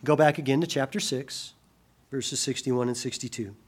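A man preaching a sermon, acting out quoted voices with sudden loud rises and dropping soft and slow on solemn points. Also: medium pitch, steady tone, husky. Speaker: pastor.

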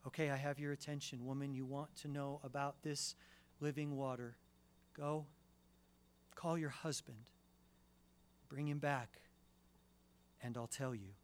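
A male preacher voicing Jesus in a quiet, gentle but pointed way. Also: medium pitch, steady tone, measured pace, long pauses, a little hiss or hum, lightly acted. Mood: quiet firm. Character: calm, firm Jesus speaking to a woman.

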